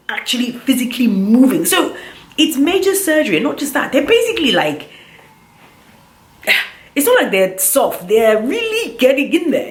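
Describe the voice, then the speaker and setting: A woman telling a personal story in a casual vlog, animated and chatty, with plenty of filler words. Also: fairly low pitch. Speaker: vlogger. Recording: roomy echo.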